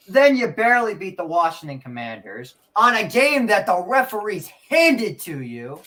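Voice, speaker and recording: A man's voice: high voice, very animated, moderate pace, few pauses, sharp tone, a little hiss or hum. A man hosting a casual sports podcast, ranting through sarcastic trash talk about a rival team. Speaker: podcast host.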